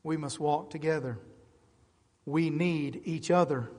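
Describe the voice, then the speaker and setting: Impassioned pastor, ringing in a church hall. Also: male voice, fairly high pitch, a little slow, pauses often. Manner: impassioned, building from quiet to loud emphatic calls. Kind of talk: sermon. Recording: long reverb of a large church hall.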